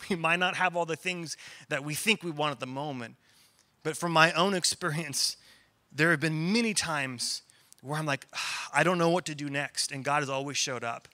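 A man's voice: on the high side, moderate pace, bright, forceful tone, no room sound. A man preaching a sermon in a casual, conversational way, acting out quoted voices with humor. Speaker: pastor.

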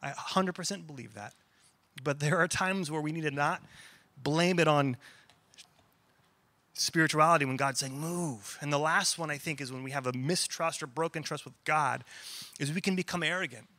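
Bright-voiced man preaching conversationally. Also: a little high, normal speed, long pauses, dry recording. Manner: conversational, acts out quoted voices with humor. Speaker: pastor. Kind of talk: sermon.

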